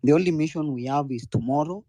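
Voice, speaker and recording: A man's voice: fairly high pitch, quick pace, warm tone, no echo. A man with a Kenyan accent giving a blunt, defiant protest speech in an online audio space.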